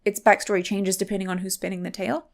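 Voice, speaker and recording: A woman co-hosting a casual podcast chat, presenting the topic, laughing often and breaking into loud mock shouts. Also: mid-range voice, flat delivery, fast, gravelly. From Kentucky.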